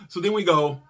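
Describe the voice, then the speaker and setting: A man co-hosting a casual chat, telling a story in an animated, profane way and acting out quotes. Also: fairly high pitch. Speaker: podcast co-host.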